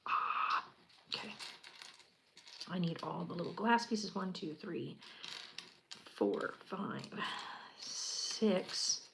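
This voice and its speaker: A woman's voice: fairly low pitch, takes it slowly, creaky, very noisy. Chatty gushing woman. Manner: chatty and gushing, with a lot of fillers, often dropping to a quiet murmur. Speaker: channel host. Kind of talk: casual chat while building a Lego set.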